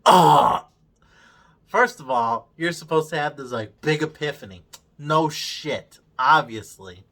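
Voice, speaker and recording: A man rants through a review, swearing freely and heavy with sarcasm. His voice sits a bit high and sounds sharp and forceful. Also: lively intonation, a little slow. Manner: profane, sarcastic, exasperated. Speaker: show host reviewing a series. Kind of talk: casual ranting review.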